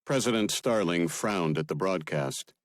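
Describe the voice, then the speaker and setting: A man narrating an audiobook in a steady, measured manner. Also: low voice, dry recording, clean studio sound.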